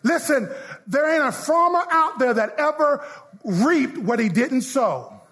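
A man a sermon, calling out to the congregation and leading call-and-response, his lines half sung and shouted. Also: very high-pitched, sing-song, a little slow. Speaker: pastor.

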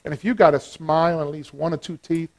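A high-pitched male pastor delivering a lively sermon. He swings between loud, excited exclamations and quiet asides, and he jokes with the congregation as he goes. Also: fast, crowd noise. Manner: playful, joking with the congregation.

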